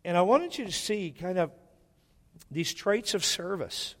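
A man's voice: high voice, animated, a little slow. A male pastor preaching a sermon in a church hall, repeating key phrases and putting questions to the congregation. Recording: echoey hall.

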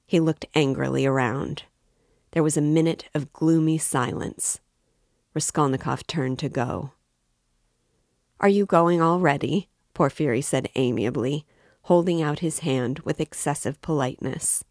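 A woman reading a classic novel aloud as an audiobook in a measured, even way. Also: sits low, no room sound, studio quality. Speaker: audiobook reader. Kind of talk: literary audiobook narration.

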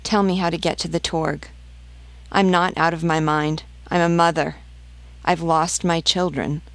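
A woman's voice: low-pitched, fairly even intonation, moderate pace, no room sound. Woman reading as a desperate peasant mother. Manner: pleading, insistent. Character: desperate peasant mother searching for stolen children.

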